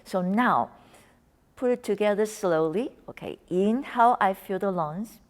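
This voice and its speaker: A woman's voice: mid-range voice, lively intonation, unhurried. Woman coaching a breathing lesson. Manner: coaching, encouraging, slips into soft whispers on cues. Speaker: wellness instructor.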